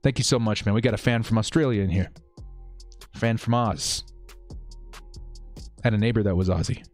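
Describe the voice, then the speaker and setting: A man's voice: lowish voice, normal speed, a little mellow, soft background music. A young man hosting a casual live stream, reading viewer comments aloud and laughing often.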